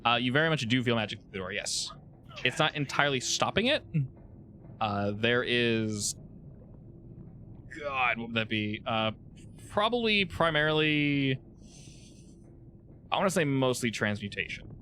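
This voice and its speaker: A man running a tabletop game on stream, chatty and quick to laugh, often restarting his sentences. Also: medium pitch, animated, pushed and bright, a little hiss or hum. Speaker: game master. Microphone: home mic on a voice call.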